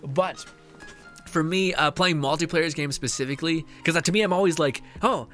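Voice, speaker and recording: A man's voice: fairly high pitch, a little fast, fairly bright tone, soft background music. A male streamer chatting casually and reading viewer messages aloud, tired and mentally drained, laughing often and swearing.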